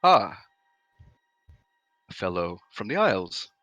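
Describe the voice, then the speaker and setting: A man playing a stern male lord in a tabletop role-play, speaking in formal, measured, courtly sentences. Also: lowish voice, very animated, fairly bright tone, no echo, faint music behind, heavily acted. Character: stern male lord who hands out harsh decrees.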